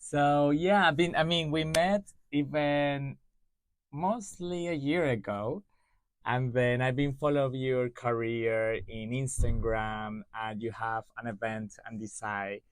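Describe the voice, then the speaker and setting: A man's voice: medium pitch, fairly even intonation, slow, clean tone, dry recording. A man hosting a podcast, welcoming and upbeat, with loose phrasing. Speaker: podcast host. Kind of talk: casual interview hosting.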